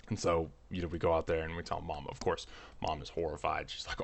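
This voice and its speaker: A man's voice: sits low, flat delivery, a little fast, vocal fry, a bit bright. A man telling a comic family story in a rambling, nervous way, full of restarts. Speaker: channel host.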